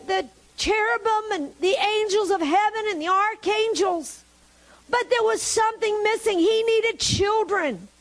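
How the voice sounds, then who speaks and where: A woman preacher giving a sermon, telling a story and then asking the congregation fervent questions. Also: extremely high pitch.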